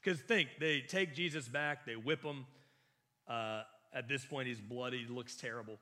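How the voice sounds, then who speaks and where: A man's voice: mid-range voice, unhurried, sharp tone. A man preaching a sermon, earnest and emphatic, often restarting his phrases.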